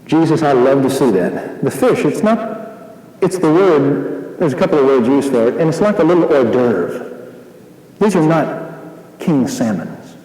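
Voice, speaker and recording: Man, sermon, animated storyteller, slightly high voice, reverberant hall. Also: a little slow. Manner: animated storytelling, acting out dialogue. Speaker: pastor. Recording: echoey hall.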